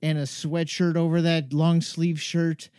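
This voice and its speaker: A man muses aloud in a wry, self-deprecating comic ramble, drifting from one tangent to the next. His voice sits a little high for a man but sounds mellow and soft-edged. The recording is close and dry, with no room sound. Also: flat delivery, a little slow, clean tone, no echo. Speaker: podcast host. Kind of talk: rambling comedic monologue. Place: cold home garage. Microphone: earphones with mic.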